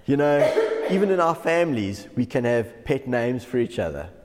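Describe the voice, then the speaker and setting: A man's voice: medium pitch, very animated, moderate pace, darkish tone. A man, a pastor giving a devotional sermon who often chuckles through his stories. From South Africa. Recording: long hall reverb.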